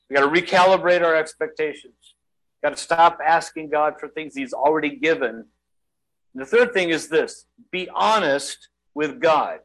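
A man's voice: a little high, fairly bright tone, low-quality recording. Conversational self-mocking male preacher. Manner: self-deprecating, conversational, quick asides. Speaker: guest preacher. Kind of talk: sermon.

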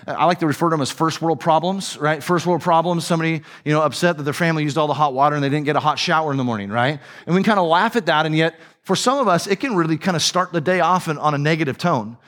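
A man's voice: fairly high pitch, fast, a bit bright. A man preaching as a pastor, with a conversational, storytelling manner that often checks in with "right?" and "okay?". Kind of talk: sermon.

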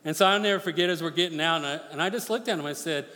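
A man preaching a sermon as pastor, swinging from forceful near-shouted appeals to hushed, quick storytelling. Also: fairly high pitch. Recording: long reverb of a large hall.

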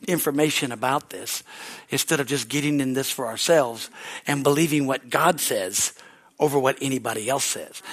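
A man preaching a sermon as pastor at a church service, telling stories animatedly with frequent restarts. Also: mid-range voice.

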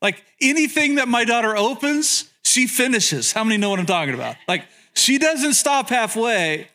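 A man's voice: very high-pitched, animated, moderate pace, pushed and bright. A man pastor preaching a sermon, telling humorous stories, questioning the audience, and often repeating words as he goes. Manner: frequent word repetitions.

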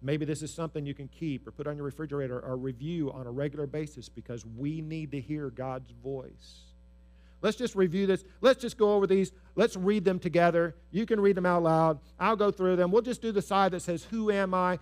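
A man's voice: on the high side, steady tone, brisk, darkish tone. A male pastor giving a sermon in a church, speaking earnestly with repeated phrases for emphasis.

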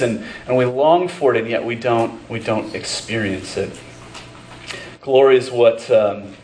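Pastor preaching in an echoey church. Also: male voice, medium pitch, a little hiss or hum. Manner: conversational, storytelling with many fillers and restarts. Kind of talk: sermon. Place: church sanctuary.

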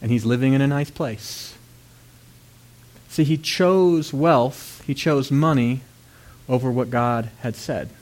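Animated male preacher telling a story. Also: mid-range voice, slow. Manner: animated storytelling, acts out characters with loud outbursts. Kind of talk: sermon.

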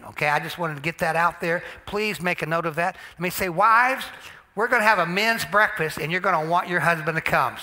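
High, bright-voiced joking preacher man. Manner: lively, joking, conversational preaching. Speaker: pastor. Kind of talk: sermon. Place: church sanctuary.

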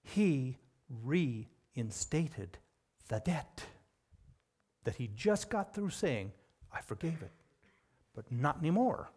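A man preaching a sermon at an unhurried, deliberate pace. He leans hard on key words, pushing them up in pitch and volume for emphasis. His voice sits at an ordinary middle pitch. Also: big pitch swings, darkish tone, slightly rough.

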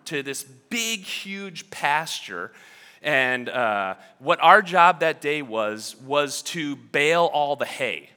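In a large hall with long reverb, a man preaching as pastor tells his stories casually, with frequent restarts and side remarks. His voice is a little high, bright and forward.

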